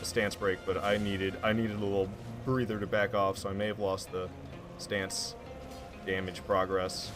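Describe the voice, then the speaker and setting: A man's voice: sits low, moderate pace. Man calling boss-fight gameplay over music. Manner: calm play-by-play, perking up at big moments. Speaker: gameplay commentator. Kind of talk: play-by-play gameplay commentary. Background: game music.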